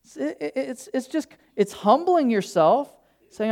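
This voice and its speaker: A man's voice: high-pitched, expressive, normal speed, darkish tone. A male pastor preaching a sermon, telling a personal story in a casual, humorous, conversational way.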